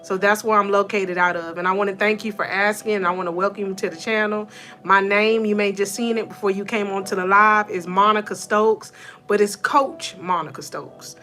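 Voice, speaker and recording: A woman in her thirties from North Georgia, USA, speaks with a Georgia Southern accent as a motivational coach on a live stream from her room. Her mid-range voice is steady, pushed and bright at a moderate pace over soft background music. She greets viewers with sweet endearments and laughs often.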